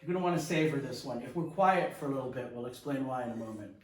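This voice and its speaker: A man co-hosting a wine show, explaining each wine in detail with the odd filler pause. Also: medium pitch, roomy sound, distant mic. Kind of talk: casual wine tasting chat.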